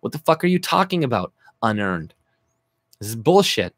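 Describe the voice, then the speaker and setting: A man's voice: mid-range voice, sing-song, moderate pace, dry recording. A man from Canada, a YouTuber, ranting angrily and sarcastically as he reacts to an article he reads aloud, with lots of swearing. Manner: profane, sarcastic, mocking. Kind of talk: angry reaction rant reading out an article.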